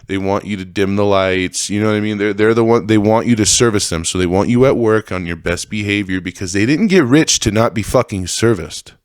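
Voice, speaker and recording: A man's voice: lowish voice, brisk, hardly any pauses, clear, resonant tone, no echo, studio quality. A man hosting a podcast, delivering a heated, profane rant that circles back on its own phrases. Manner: heated, profane, repetitive ranting. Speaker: podcast host. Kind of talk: ranting podcast monologue.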